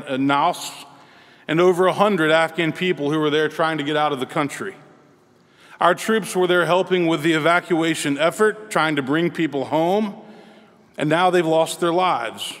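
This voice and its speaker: Male pastor, high voice, earnest measured sermon delivery, recorded with long hall reverb. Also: a bit bright. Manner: earnest, measured preaching with pauses.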